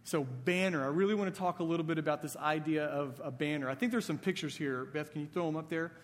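A man's voice: fairly high pitch, fast talker. A male pastor preaching a sermon in a conversational way, often asking "right?". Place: church sanctuary. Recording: church hall reverb.

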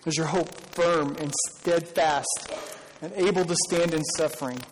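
A middle-aged man preaches a sermon, with a conversational tone, rhetorical questions and repeated lines. His voice sits a bit high for a man. It rings with a long hall reverb over faint background noise. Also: fairly even intonation, unhurried. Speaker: pastor.

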